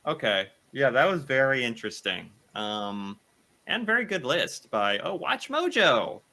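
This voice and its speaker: Animated, bright-voiced American man. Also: medium pitch, a little slow, gravelly. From United States. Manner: animated, laughs often, thinks aloud. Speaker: video reactor. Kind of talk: casual reaction commentary.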